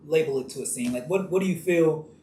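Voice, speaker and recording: A man interviewing an actor in a relaxed, casual way, asking loose, rambling questions and affirming his answers. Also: a little high, fast. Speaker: interviewer, author. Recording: roomy echo with faint hiss.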